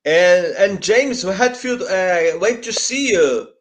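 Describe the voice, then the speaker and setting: A male host with a high voice asks halting questions over a video call. He mostly gives short back-channel replies between his guest's stories. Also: lively intonation. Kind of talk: casual interview questions.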